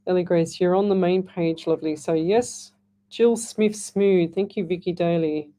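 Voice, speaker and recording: Chatty woman, low mellow voice. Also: fairly even intonation, normal speed. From Australia. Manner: chatty, rambling, frequent restarts. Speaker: radio psychic host. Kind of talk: live radio call-in readings. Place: radio studio.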